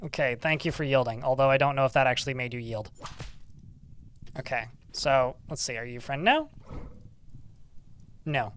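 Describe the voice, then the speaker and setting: A man's voice: mid-range voice, normal speed, pauses often, fairly bright tone, smooth. A man streaming a video game live, commenting on the action with dry, sarcastic asides and reading the game's text aloud.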